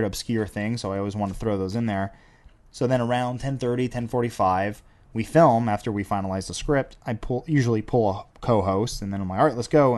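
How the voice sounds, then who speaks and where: A man's voice: on the low side, a little mellow. A man hosting a casual Q&A, answering viewer questions in a dry, sarcastic way. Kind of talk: casual Q&A chat.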